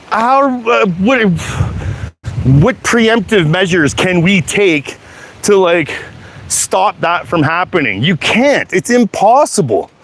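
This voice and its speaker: A man with a slightly high voice rants at the camera, angry and heated. He swears in almost every line and repeats himself as he builds up steam. He is walking down a sidewalk outside. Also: fairly bright tone. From Canada. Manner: heated, profane, repetitive swearing.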